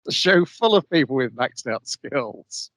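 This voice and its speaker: A man's voice: medium pitch, big pitch swings, a little slow, fairly bright tone, dry recording, low-quality recording. A man co-hosting a podcast, steadily summarizing anime plot in casual chat, with frequent "um"s. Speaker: podcast co-host.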